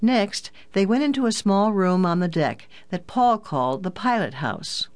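An audiobook narrator reading a children's adventure story in a clear, even storytelling manner. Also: mid-range voice, measured pace.

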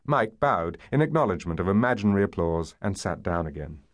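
A man narrating a novel as an audiobook, in a measured and expressive storytelling manner. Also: low-pitched, dry recording. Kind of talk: scripted narration.

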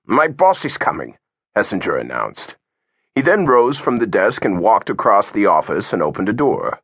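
A male audiobook narrator reads a novel in steady scripted narration. His voice is husky and moves up and down a lot as he tells the story. He sits close to the mic in a dry, quiet studio. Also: lowish voice, normal speed, no echo.

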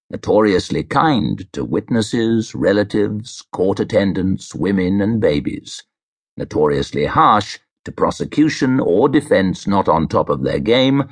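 Slow husky guy narrating an audiobook, lowish voice, lots of ups and downs. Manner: measured, expressive storytelling. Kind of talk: scripted narration.

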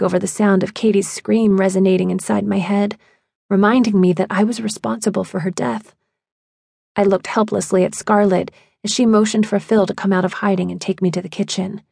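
A woman narrating a first-person audiobook in an emotional, expressive way on a studio mic. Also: medium pitch, normal speed, creaky, husky, no echo.

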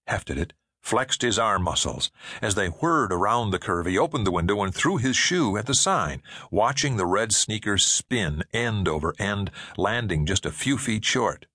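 Husky, low-voiced male audiobook narrator. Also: no room sound, studio quality. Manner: measured, expressive storytelling. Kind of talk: scripted narration.

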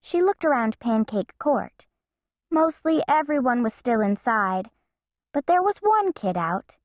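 A woman narrating a children's storybook in an expressive, playful way. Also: fairly high pitch, unhurried, no room sound, clean studio sound. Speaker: audiobook narrator.

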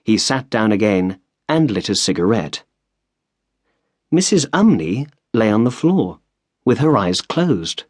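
Slow, expressive storybook narrator man. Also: fairly low pitch, no room sound, studio quality. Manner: measured, expressive. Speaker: audiobook narrator.

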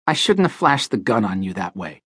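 A man voicing a wiry, chipper aging male small-time crook in an audiobook, rusty and quick to take offense. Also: big pitch swings, a bit bright, breathy edge, no room sound, clean studio sound, heavily acted. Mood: wheedling. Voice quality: rusty, nasal, high. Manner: wheedling and easily offended. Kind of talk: audiobook character voice.

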